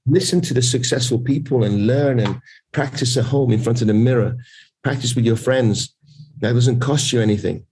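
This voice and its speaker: Man, middle-aged, sales coach guest, husky, mid pitch, blunt, emphatic, casual interview. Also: moderate pace, a little mellow, low-quality recording. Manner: blunt, emphatic, repeats key phrases.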